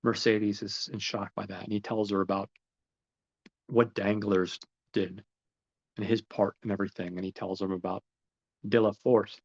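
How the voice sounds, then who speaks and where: A man's voice: lowish voice, little pitch movement, moderate pace, pauses often, darkish tone. A man hosting a podcast, casually retelling a story's plot and quoting the characters with lots of "he's like". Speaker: podcast host. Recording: dull lo-fi recording.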